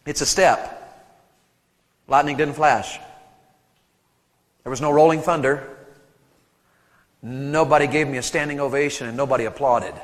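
Preacher guy talking to teens, swoops up and down a ton, bursts into shouts, long echo in a big hall. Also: mid-range voice, normal speed, long pauses. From Tennessee. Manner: animated storytelling, sudden loud shouts. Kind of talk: sermon to teenagers.

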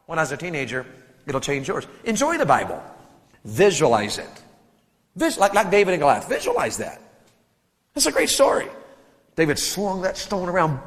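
A man from Tennessee preaching a sermon to teenagers, telling stories animatedly with sudden loud shouts. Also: fairly high pitch, huge pitch swings, normal speed, long pauses. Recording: long reverb of a big hall.

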